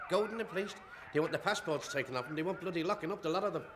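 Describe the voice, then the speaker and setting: An actor playing a grumbling dad who rants indignantly and talks on the phone. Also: male voice, on the high side, very fast, background noise, natural voice.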